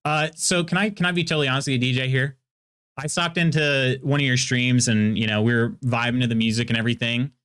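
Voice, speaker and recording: A man with a Midwestern American accent holds a relaxed, rambling conversation with his chat between stretches of gameplay. He talks at an easy, middling pitch, laughs often, and answers each viewer's message as it comes in. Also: fast talker, clean tone. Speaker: streamer. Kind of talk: casual chat with viewers while gaming.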